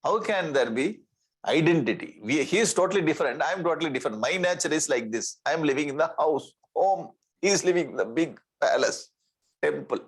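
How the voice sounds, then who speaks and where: A man's voice: a little high, lively intonation, brisk, husky, rough recording. A man giving a spiritual lecture as a swami, repeating Sanskrit terms and checking in with his listeners. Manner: repeats Sanskrit terms, asks "okay?" often; light humor, chuckles. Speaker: swami teaching scripture.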